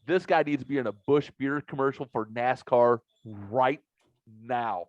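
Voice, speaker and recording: A man's voice: mid-range voice, a little slow, no room sound, lo-fi sound. Foul-mouthed podcast host man. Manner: profane, animated storyteller. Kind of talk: casual podcast chat.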